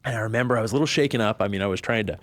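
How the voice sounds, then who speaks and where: Lowish guy spinning a story on a podcast, lively, throws on voices for people he quotes, dry close sound. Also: very fast, no room sound. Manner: animated, acts out quoted voices. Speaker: podcast guest. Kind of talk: storytelling in casual chat.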